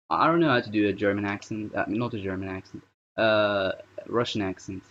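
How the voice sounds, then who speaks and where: Male streamer, low voice, casual aimless chatter, thinks out loud; muffled home-stream sound. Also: fairly quick. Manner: rambling, thinking aloud while working. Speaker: live streamer. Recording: dull lo-fi stream audio.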